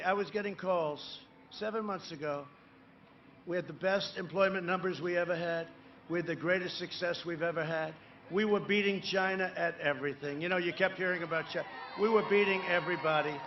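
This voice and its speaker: A man's voice: high voice, highs cut off, slight background noise. A man giving a campaign rally speech to a crowd, rambling and boastful, with repeated asides, tag questions and sudden emphatic bursts. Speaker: political candidate addressing a rally crowd.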